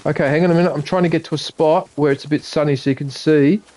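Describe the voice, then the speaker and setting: A man's voice: a little high, fairly even intonation, quick pace, darkish tone. A man chatting casually on a live game stream, muttering to himself and swearing when frustrated. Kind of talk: casual live-stream chat while gaming.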